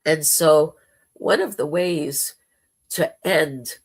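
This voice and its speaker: Slow gravelly-voiced woman telling a heartfelt story. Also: low voice. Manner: slow, heartfelt storytelling with dramatic quoted asides. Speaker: spiritual talk show host. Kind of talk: personal spiritual talk on a live stream.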